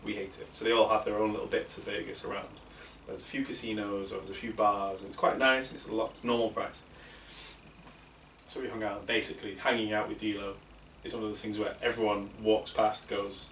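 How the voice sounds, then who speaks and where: A man's voice: on the low side, level tone, a little fast, a bit bright. A man from England with a northern accent from near Manchester, a guest telling stories in a chatty, casual way and laughing as he talks. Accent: northern English, near Manchester. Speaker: guest, wrestler. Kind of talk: casual chat. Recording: echoey room, distant mic, faint hiss.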